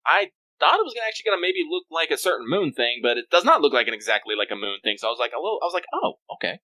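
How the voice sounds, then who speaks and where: Male co-host, very lively pitch, quick excitable recap chat. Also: no room sound. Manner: excitable, laughs often, quick asides. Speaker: podcast co-host. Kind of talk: casual game recap chat.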